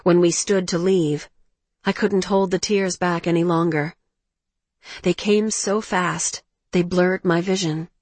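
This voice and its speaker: A woman narrating a first-person romance audiobook in a measured, emotional way. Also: on the low side, steady tone, darkish tone, dry recording.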